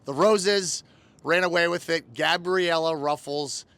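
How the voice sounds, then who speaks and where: A man's voice: on the high side, unhurried, a bit bright, no echo. A man in his thirties hosting a casual recap show, animatedly retelling a story and acting out quotes. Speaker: host.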